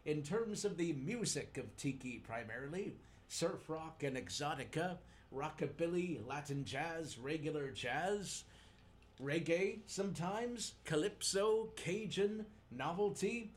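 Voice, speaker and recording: A man's voice: fairly high pitch, expressive, a little slow. A man hosting a live community radio show, chatting casually and joking in playful pirate lingo from a station studio. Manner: jokey, chuckles at his own puns, slips into pirate lingo.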